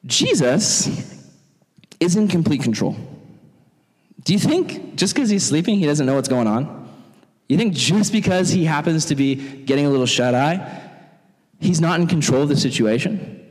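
Playful youth pastor in a reverberant hall. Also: male voice, on the high side, moderate pace, pauses often. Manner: animated, jokey, acts out quotes in funny voices. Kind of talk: sermon.

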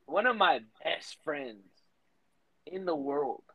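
A man's voice: fairly high pitch, animated, slow, vocal fry, narrow, tinny audio, a loud crowd. A young man co-hosting a podcast, telling stories in casual chat, swearing a lot and laughing often. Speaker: podcast co-host.

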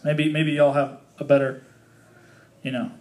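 A man's voice: fairly high pitch, little pitch movement, measured pace. A man leading a casual Bible study for a small group, reading scripture aloud and explaining it in a chatty, joking way with many fillers.

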